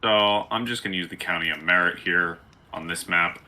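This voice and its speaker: A man running a tabletop game as game master, calmly explaining the setup step by step. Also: sits low, normal speed.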